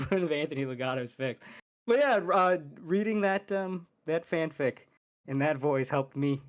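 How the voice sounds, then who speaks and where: A man chatting casually as a podcast co-host, telling rambling stories between laughs. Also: fairly high pitch.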